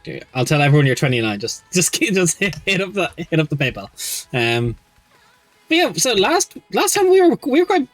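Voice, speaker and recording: A young man chatting on a livestream as a tabletop game master, a little high-pitched and swooping all over as he talks. He rambles with upbeat energy and keeps restarting his sentences. The mic is close and dry, with faint music underneath. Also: very animated, fairly quick, no echo. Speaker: stream host and game master. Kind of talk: casual livestream chat.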